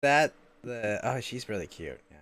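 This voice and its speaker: A woman's voice: a bass voice, big pitch swings, moderate pace. A woman co-hosting a live stream, talking politics in casual banter, ranting animatedly and swearing freely. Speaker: stream co-host.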